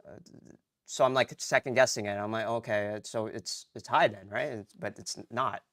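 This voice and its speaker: A man's voice: on the low side, fairly even intonation, normal speed, a bit bright, dry recording, studio quality. A young man streaming his Japanese practice, chatting casually to himself, stammering and rambling as he second-guesses himself. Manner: stammering, rambling, self-deprecating. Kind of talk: casual self-talk while practicing.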